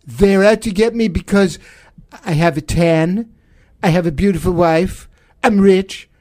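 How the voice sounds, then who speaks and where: Man doing a high, loud, bragging president who says everything twice. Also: unhurried. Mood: boastful. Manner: loud, boastful, repetitive. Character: boastful, thin-skinned male president, loud and defensive.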